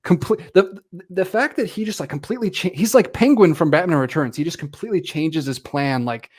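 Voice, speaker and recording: A man's voice: fairly high pitch, expressive, brisk, a little mellow, slightly rough. A man co-hosting a film podcast, chatting casually and acting out characters' lines as he retells scenes. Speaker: podcast co-host.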